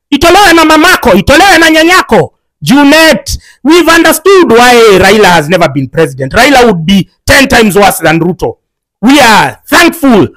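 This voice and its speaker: A woman's voice: on the high side, a bit bright, no echo, low-quality recording. A woman with a Kenyan accent delivering an angry, insulting political rant, mixing in Swahili and swearing often. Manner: furious, insulting, profane, mixes English and Swahili.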